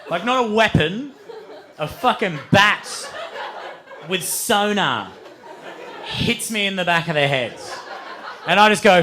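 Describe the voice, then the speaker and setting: A young man doing stand-up, telling a wild story with lots of swearing and sudden loud acted-out outbursts. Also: fairly high pitch, unhurried, long pauses, background noise. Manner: animated, swears freely, acts out voices with loud outbursts. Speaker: stand-up comedian. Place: comedy venue stage with audience.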